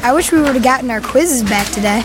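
A woman's voice: a little high, fast, noisy background, lightly acted. A woman playing a cheeky, sarcastic schoolboy in a radio drama. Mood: skeptical. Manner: teasing, sarcastic. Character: cheeky schoolboy, skeptical classmate.

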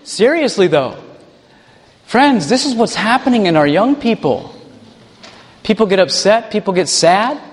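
High-voiced man preaching in a hall. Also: measured pace, pauses often. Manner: animated, mocking put-on voices for examples. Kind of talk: sermon. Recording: long hall reverb.

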